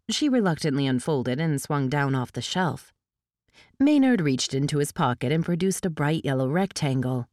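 Low-voiced woman reading a novel aloud. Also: normal speed, dry recording, clean studio sound. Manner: steady, even storytelling with lively dialogue voices. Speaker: audiobook reader. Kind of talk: scripted audiobook narration.

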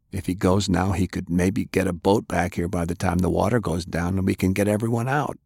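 A man's voice: deep voice, gravelly, darkish tone, slightly rough, dry recording, studio quality, exaggerated voice. A man reading an audiobook, voicing a somber, resolute older knight who leads a dwindling order. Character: grim older male knight, weary leader.

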